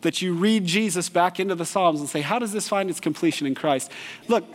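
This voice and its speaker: A man giving a sermon as pastor, earnest and lively, with bursts of animated storytelling. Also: sits high, a little fast, big-room sound.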